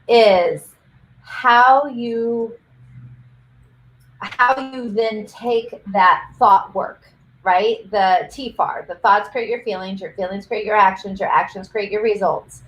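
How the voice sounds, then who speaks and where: A woman's voice: medium pitch, echoey room, a little hiss or hum, low-quality recording. A woman coach co-hosting a casual livestream, explaining ideas in an encouraging way on a video call. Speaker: coach and co-host.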